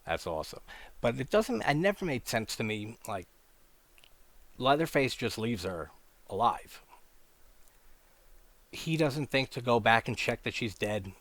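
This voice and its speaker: A man's voice: mid-range voice, big pitch swings, measured pace, long pauses, a bit bright, no echo. A man hosting a casual film discussion, talking with enthusiasm, laughing often and swearing casually. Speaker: horror film reviewer.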